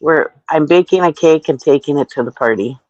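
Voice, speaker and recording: A woman's voice: sits low, fairly quick, darkish tone, no echo. Minnesota-accented woman, casual guest, lo-fi dry recording. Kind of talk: casual chat.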